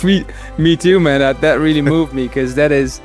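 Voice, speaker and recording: A man's voice: fairly high pitch, moderate pace, a little mellow, faint music behind. A man hosting an interview as an anxiety coach, talking casually and often stammering and repeating words.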